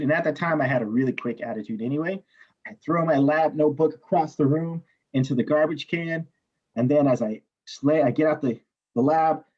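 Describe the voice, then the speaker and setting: A man teaching a chemistry class, telling a story in an animated way, swearing freely and acting out the people he quotes. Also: on the high side, breathy edge. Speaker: chemistry instructor. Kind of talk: lecture with personal story. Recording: dull lo-fi classroom recording.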